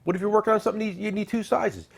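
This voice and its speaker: A middle-aged man hosting a tool show, chatting casually and joking as he pitches products and tells stories. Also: steady tone, racing, gravelly. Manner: joking, rambling, salesy with asides. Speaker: tool dealer and show host. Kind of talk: casual product talk and storytelling.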